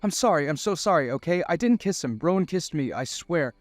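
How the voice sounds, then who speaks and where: A man voicing an earnest young male college student who talks fast and pleading in an audiobook story. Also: on the high side, animated, no room sound, pitched above the performer's own voice, close to an everyday voice. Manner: pleading, rushed and breathless. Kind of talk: audiobook dialogue voice.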